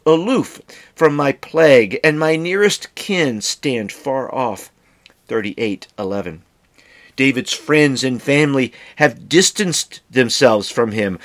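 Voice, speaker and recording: Man, Bible teacher, unhurried measured delivery, mid-range voice, reads verses then explains. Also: mid-range voice, a bit bright. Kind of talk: devotional scripture commentary.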